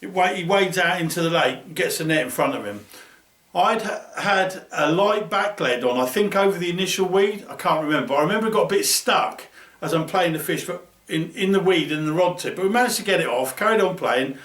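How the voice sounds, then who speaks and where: A man's voice: sits high, animated, fairly quick, a bit bright, reverberant, far from the mic. A middle-aged Englishman from Norfolk telling a fishing story, laughing and acting out his friends' voices. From Norfolk, England. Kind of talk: animated storytelling.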